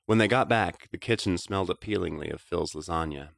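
A man narrating a novel in a quiet, reflective, measured way. His voice is very low, with a gravelly creak. The recording is close and dry, with no room sound. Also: dry recording. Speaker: audiobook narrator.

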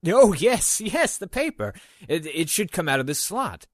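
Guy doing a jumpy young yakuza dude, high and loud, excitable, dry sound. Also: fairly quick, slightly rough, dry recording. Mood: flustered. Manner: eager, excitable. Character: young male yakuza, eager and bold.

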